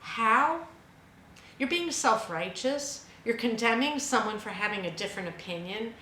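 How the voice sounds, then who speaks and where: A woman's voice: on the high side, lively intonation, a little slow, sharp tone, echoey room, a little hiss or hum, poor audio. A woman hosting a spiritual radio show, speaking in an emphatic, impassioned monologue that rises to fervent peaks. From United States.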